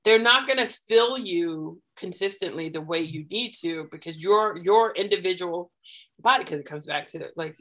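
A woman guest on a podcast explaining parenting and self-care ideas in a measured, deliberate way, building each point step by step. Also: on the low side, fairly bright tone. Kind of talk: explanatory conversational advice.

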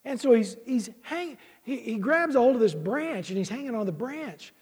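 A man's voice: very high-pitched, animated, normal speed, slightly rough, long reverb tail. A man who is a guest preacher and college vice president, giving a rambling, self-deprecating sermon in a church with jokes and many restarts.

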